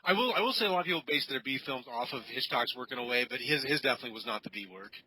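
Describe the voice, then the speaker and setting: A man on a film podcast with a very bright, sharp voice. He hunts for words and fills his pauses with ums and uhs. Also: mid-range voice, lively intonation, husky, poor audio. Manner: hesitant, many fillers. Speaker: podcast panelist. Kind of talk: casual film chat.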